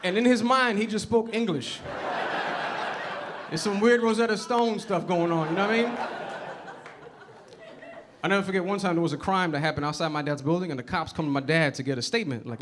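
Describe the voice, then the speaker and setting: A man's voice: high voice, fairly quick, pauses often. A man from the Bronx performing a conversational stand-up set in a comedy club. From the Bronx, New York. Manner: conversational, keeps asking "you know what I mean". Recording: noisy club, audience laughter.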